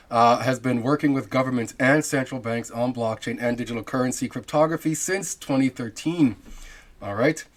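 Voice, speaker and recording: A man hosting a crypto channel, musing aloud over on-screen material with rhetorical questions and frequent fillers. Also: medium pitch. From half Jamaican. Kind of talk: casual screen-share commentary.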